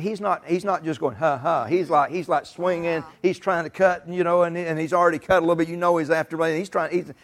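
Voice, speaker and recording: A man's voice: on the high side, creaky. A middle-aged man preaching a sermon in a folksy, emphatic way. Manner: folksy, emphatic, rising to shouts and laughter. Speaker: pastor.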